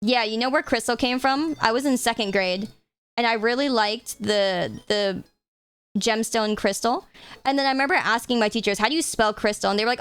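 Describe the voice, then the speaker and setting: A young woman chats casually on a live stream, cursing freely and bursting into excitement. Her voice is slightly high and crisp, recorded dry and close. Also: brisk, no echo. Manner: chatty, swears freely, excitable.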